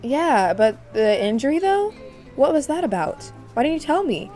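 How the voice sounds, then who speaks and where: A woman voicing a caring, fussy mother character in a life-sim game, asking gentle, worried questions. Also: mid-range voice, fairly quick, soft background music, close to an everyday voice. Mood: fond, worried. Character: caring middle-aged mother, doting, fussy.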